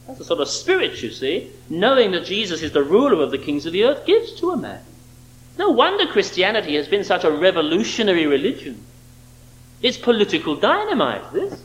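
A man's voice: high-pitched, huge pitch swings, fairly quick, fairly bright tone, rough recording. A man preaching a sermon, emphatic and fond of rhetorical questions.

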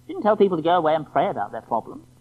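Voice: medium pitch, wildly swooping pitch, racing, breathy edge. A preacher giving an evening sermon, emphatic and rhetorical, often asking the listeners questions. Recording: tinny phone-like lo-fi sound.

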